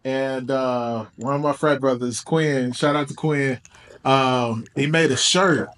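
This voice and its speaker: An American man co-hosting a podcast, telling stories in a relaxed way with many fillers. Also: mid-range voice, slow pace. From United States. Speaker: podcast co-host. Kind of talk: casual chat.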